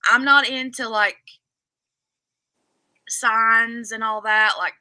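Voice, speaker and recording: Bright Southern-accented woman livestream host. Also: on the high side, steady tone, takes it slowly, dry recording. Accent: Southern US (Kentuckiana). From southern Indiana near Louisville, Kentucky. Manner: chatty, reads viewer comments aloud. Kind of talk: casual livestream chat reading comments.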